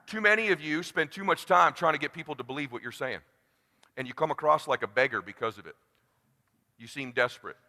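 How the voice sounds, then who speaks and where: A man in his forties with a high, gravelly, bright voice lectures a seminar crowd. He is blunt and swings between near-whispers and shouts. A long hall reverb trails every phrase. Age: 40s. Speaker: sales trainer. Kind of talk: motivational seminar speech.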